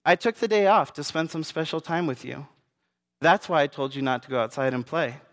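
A man reading as a patient, loving father with a calm, reassuring way of speaking. The voice sits a little high for a man and trails a long reverb. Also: a little fast, lightly acted. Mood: tender.

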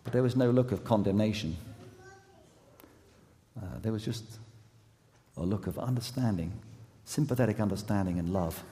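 A man with a croaky, hoarse voice, preaching a sermon as pastor. He is emphatic, then drops to soft, intimate tones. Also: lowish voice, moderate pace, pauses often, big-room sound, slight background noise.

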